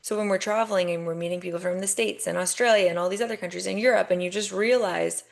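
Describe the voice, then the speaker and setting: A woman's voice: medium pitch, steady tone, quick pace, creaky. A young adult woman hosting a podcast, giving an emphatic motivational monologue that swears freely and repeats phrases for punch. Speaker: podcast host.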